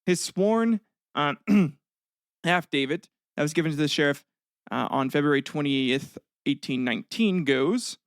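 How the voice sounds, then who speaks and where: A male podcast host narrating history in a loose, joking way that turns blunt and profane. His voice sits a bit high for a man. It sounds close-miked and dry, with no room around it. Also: animated, unhurried, no room sound. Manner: jokey and blunt, swears freely; frequent fillers and throat clearing.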